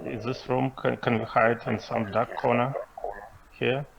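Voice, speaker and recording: A man playing a tabletop game, speaking haltingly and fumbling for words. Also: medium pitch, little pitch movement, gravelly, a crowd in the background. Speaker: player. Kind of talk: casual tabletop play. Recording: lo-fi dull mic.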